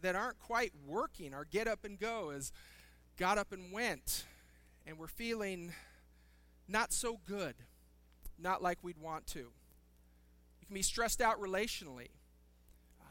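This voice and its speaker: High-voiced pastor preaching with humor. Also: male voice, pushed and bright. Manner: humorous storytelling with shifting character voices. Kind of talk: sermon.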